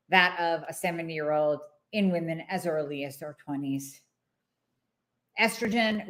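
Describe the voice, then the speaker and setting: A woman doctor hosting a health talk, speaking bluntly and emphatically in a conversational way, with asides and acted-out quotes. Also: on the low side. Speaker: hormone doctor and host. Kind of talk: direct-to-camera health talk.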